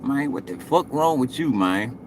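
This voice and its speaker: Speaking at medium pitch with an expressive, slightly slow delivery, a man in his late forties rambles and curses to viewers on a live stream. Most of his thoughts close with "you know what I'm saying." Some slight background noise is audible.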